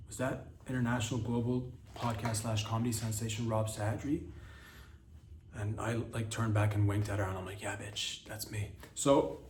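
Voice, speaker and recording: A man hosting a comedy podcast, rambling through crude, deadpan absurd stories in a casual monologue. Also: lowish voice. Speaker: podcast host. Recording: roomy sound, distant from the mic, faint background hiss.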